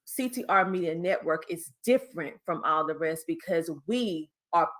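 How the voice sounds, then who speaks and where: A woman's voice: on the low side, expressive, normal speed. A woman hosting a live stream, chatting casually and promoting the network with an upbeat manner. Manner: upbeat, promotional, laughs easily. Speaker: network host.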